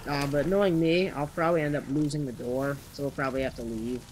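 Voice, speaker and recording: A young man chatting and planning out loud while playing a co-op game. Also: on the high side, steady tone, fast. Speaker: gamer. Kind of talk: let's play commentary. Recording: game noise behind voice.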